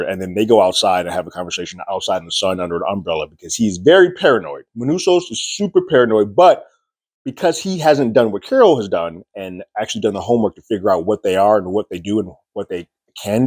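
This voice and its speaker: A man with a very deep voice walks through a TV episode in a relaxed recap. His delivery is chatty and loose, full of restarts. The sound is dry and close, with no room echo. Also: fast talker. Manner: chatty, loose retelling with frequent restarts and acted-out quotes. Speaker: TV show reviewer.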